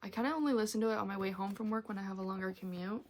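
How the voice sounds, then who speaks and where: A woman's voice: medium pitch, racing. Chatty young woman vlogging from her car. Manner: gushing, emotional, rambling. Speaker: book vlogger. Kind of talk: casual reading vlog chat.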